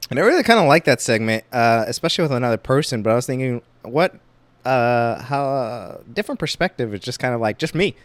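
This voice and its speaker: A young male podcast host talks on his own, loose and chatty, reading posts aloud and reacting with blunt exclamations. His voice is smooth and clear at a middle pitch. The recording is dry and close, with no room sound. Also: animated, fast, dry recording. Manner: casual, rambling, exclaims reactions while reading.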